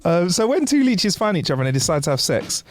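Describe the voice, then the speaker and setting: A man's voice: high-pitched, very animated, quick pace. A young man co-hosting a podcast, casually sharing facts and laughing often. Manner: laid-back, sharing facts with frequent laughs. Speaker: podcast co-host. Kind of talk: casual chat.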